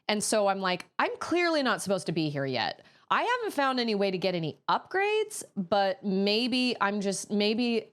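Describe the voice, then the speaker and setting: A woman streamer chatting casually to her audience in a rambling way, often laughing. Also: on the low side. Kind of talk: casual chat on a gaming stream.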